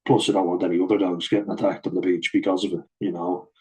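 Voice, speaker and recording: A man's voice: deep voice, flat delivery, fast talker, dark tone, rough recording. Blunt, sweary man. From Ireland. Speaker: vlogger. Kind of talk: casual storytelling to camera.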